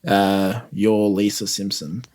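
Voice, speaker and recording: A man co-hosting a podcast, calmly and thoughtfully explaining scenes in casual chat. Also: on the low side, takes it slowly. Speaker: podcast co-host.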